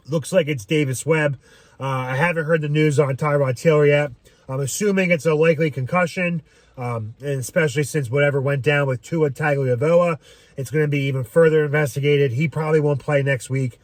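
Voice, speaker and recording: A man's voice: a little high, dry recording. A man giving a casual fan reaction to a football game, rambling with frequent "um"s and swearing freely. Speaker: sports fan commentator.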